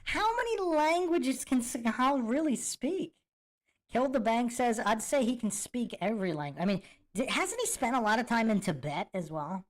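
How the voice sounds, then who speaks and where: A woman hosts a casual podcast, reacting to video clips and reading out viewer comments. Her voice sits fairly high and swoops all over as she talks, and she sounds amused and incredulous. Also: big pitch swings, normal speed. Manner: amused, incredulous, laughs often. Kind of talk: casual commentary with chat readouts.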